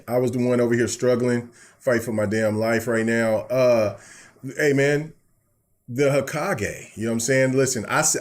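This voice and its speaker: A man's voice: mid-range voice, darkish tone. Guy running a gaming podcast, jokey, says stuff twice, regular voice. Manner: playful, teasing, repeats words. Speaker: podcast host. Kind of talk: casual gaming podcast chat.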